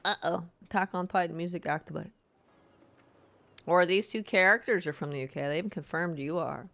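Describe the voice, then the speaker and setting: A woman's voice: fairly low pitch, a little fast, gravelly, fairly bright tone. A woman streaming a game, giving casual, sarcastic and playful commentary that mocks the game.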